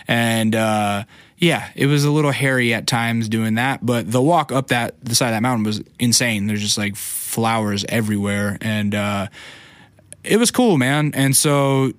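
A man's voice: mid-range voice, normal speed, no echo, studio quality. Profane, rambling young man telling stories. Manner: profane, animated ranting with lots of fillers. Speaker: podcast host. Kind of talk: casual storytelling monologue.

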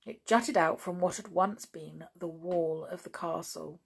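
A woman reading a children's adventure book aloud as a storyteller, with animated, expressive delivery. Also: fairly low pitch, unhurried, creaky, slightly rough.

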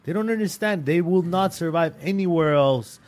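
A man's voice: a little high, moderate pace, darkish tone. A man in casual chat, making emphatic, opinionated points.

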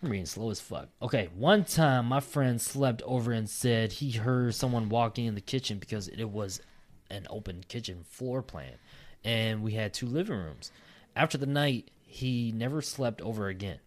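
Male podcast host, lower voice, reads listener stories aloud with crude, laughing asides. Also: normal speed. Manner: profane, laughing asides between read lines. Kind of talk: casual podcast chat, reading aloud.

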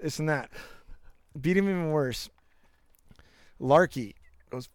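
Smooth-voiced man telling rambling stories. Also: fairly high pitch, measured pace, pauses often, dry recording. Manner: rambling anecdotes with laughter and crude jokes. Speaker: storyteller. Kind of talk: casual chat.

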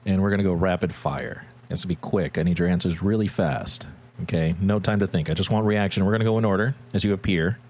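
A man's voice: sits low, quick pace, a little mellow. A man hosting a podcast in casual chat, joking as he runs the segments. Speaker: podcast host.

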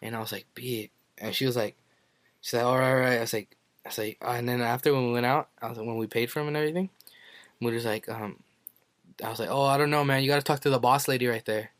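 Yeah a young guy rambling on his podcast, acts out the quotes, normal pitch. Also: steady tone, quick pace, no echo. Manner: rambling storyteller who acts out quotes with sudden high jumps. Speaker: podcast co-host. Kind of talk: casual chat.

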